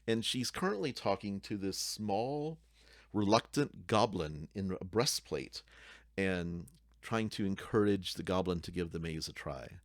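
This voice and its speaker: A man narrating as dungeon master in a relaxed, descriptive way. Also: low voice, unhurried, dry recording, studio quality. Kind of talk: narrating a tabletop game.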